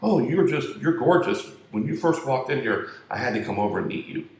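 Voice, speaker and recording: A man voicing a naive male angel who gushes and falls for a flattering woman. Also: medium pitch, fairly quick, very echoey, close to an everyday voice. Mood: gushing.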